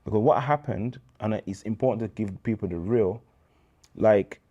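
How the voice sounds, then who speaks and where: A man in his thirties with a Birmingham accent, telling his life story as an interview guest in an animated, preacher-like way with street slang. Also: fairly low pitch, moderate pace, lo-fi sound. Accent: Birmingham English. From England. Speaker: guest, charity founder. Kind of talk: casual interview chat.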